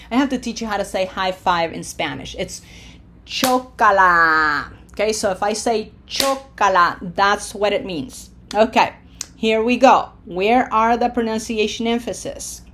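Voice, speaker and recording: Lady teacher talking slow, drawing out each spanish verb form for you to repeat. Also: medium pitch, fairly bright tone, a little hiss or hum. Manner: slow, drills conjugations aloud with stretched vowels. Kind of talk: slide-based language lesson.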